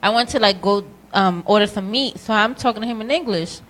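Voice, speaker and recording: A woman's voice: mid-range voice, brisk, fairly bright tone, slight background noise, low-quality recording. A woman chatting casually on a talk show, telling stories and laughing as she goes. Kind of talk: casual chat.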